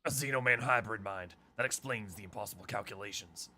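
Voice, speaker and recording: An actor playing a brisk, earnest male investigator in a game cutscene. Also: fairly low pitch, pushed and bright. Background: clear game music.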